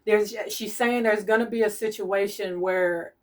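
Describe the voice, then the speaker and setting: A woman giving a channeled tarot reading as a medium, speaking softly and repeating her urgings insistently to her audience. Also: mid-range voice, fairly even intonation, measured pace, far from the mic.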